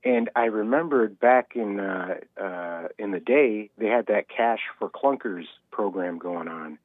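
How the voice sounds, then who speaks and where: A man from Minnesota calling in to a show, telling a story in a relaxed way with hesitant restarts. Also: fairly low pitch, a little slow, no echo. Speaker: caller. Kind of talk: phone-in conversation. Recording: tinny phone line.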